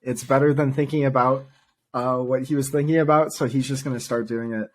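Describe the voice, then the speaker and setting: Guy narrating his character in a tabletop game, casual, mid pitch. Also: steady tone, a little fast. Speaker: player. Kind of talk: describing actions in a tabletop game.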